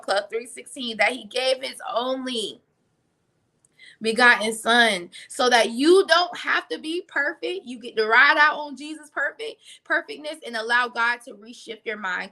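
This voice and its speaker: A woman delivers a casual, conversational sermon, full of slang asides and quick self-corrections. Her voice sits a little high, with a bright, forceful edge and a gravelly fry running underneath. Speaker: faith teacher. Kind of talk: conversational preaching.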